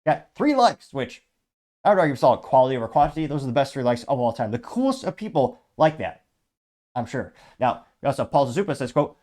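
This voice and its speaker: A man hosting his own political commentary show, reading out viewer comments in a rapid, blunt and sarcastic way while running on lots of coffee. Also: medium pitch, sing-song, darkish tone. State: over-caffeinated. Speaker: host.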